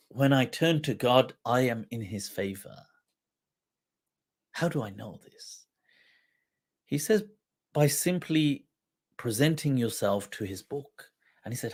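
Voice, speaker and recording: A man hosting a livestream who tells an old story with quoted dialogue, reciting Arabic quickly before translating it, mixing in Urdu phrases and laughing along the way. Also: mid-range voice. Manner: mixes Urdu phrases into English. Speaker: livestream host and mufti.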